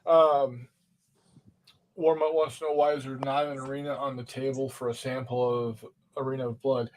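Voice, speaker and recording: A man's voice: mid-range voice, little pitch movement. A man hosting a gaming podcast, reading viewer comments in a hesitant casual way. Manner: slow, hesitant, lots of fillers. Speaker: podcast host reading chat. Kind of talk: casual chat.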